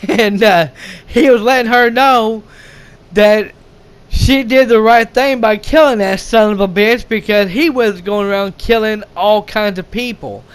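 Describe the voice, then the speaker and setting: A man's voice: sits high, smooth. A man recapping a movie plot in a casual, rambling way, full of restarts and swearing. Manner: repetitive, many restarts and swearing. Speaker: movie reviewer.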